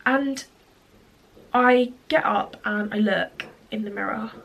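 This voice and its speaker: A woman's voice: mid-range voice, slow, creaky, a bit bright. A young woman chatting through a storytime vlog, rambling and saying "like" a lot. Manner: chatty, rambling, heavy use of "like". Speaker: vlogger.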